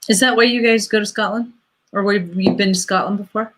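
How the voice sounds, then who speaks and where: A woman's voice: medium pitch, fairly even intonation, quick pace, a bit bright. A woman co-hosting a casual livestream on a video call. She chats, laughs often and sorts out tech trouble. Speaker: livestream co-host. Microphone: computer mic on a video call.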